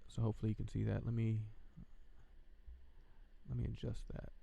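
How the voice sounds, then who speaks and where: Laid-back male streamer, low gravelly voice, rambling casual chat into a desk mic. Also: completely flat delivery, normal speed, mellow. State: tired, yawning. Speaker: livestream host. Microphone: desk microphone.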